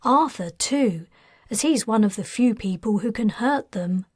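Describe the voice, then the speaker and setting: A woman's voice: fairly high pitch, lively intonation, measured pace, darkish tone, slightly rough, dry recording. A woman voicing a wry, stubborn adult woman in an audiobook, with a dry delivery. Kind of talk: audiobook character reading.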